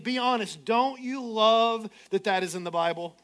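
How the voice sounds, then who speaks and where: A man preaching a sermon, animated and playful, with sarcastic asides as he retells a story. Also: high voice, normal speed, few pauses. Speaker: pastor.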